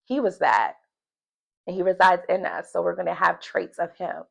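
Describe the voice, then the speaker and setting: A woman talking casually in a devotional video journal, chatty and animated, often laughing and acting out quotes. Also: on the low side, normal speed, gravelly, breathy edge, highs cut off. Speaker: faith vlogger.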